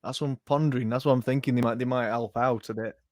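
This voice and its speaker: A man plays a tabletop game over a voice call from his home microphone. He thinks out loud in a middle pitch, trailing off and restarting. His sound is close and dry. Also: fairly even intonation, fast talker, dry recording. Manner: thinks aloud with many ums and trailing restarts. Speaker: player. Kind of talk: casual tabletop game chat.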